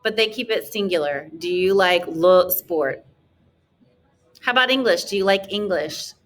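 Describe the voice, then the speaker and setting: A woman teaching a French lesson, explaining grammar in a chatty, encouraging way and drawing out model words for students to repeat. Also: lowish voice. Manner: slow, drawn-out model pronunciations for repetition. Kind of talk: classroom language lesson.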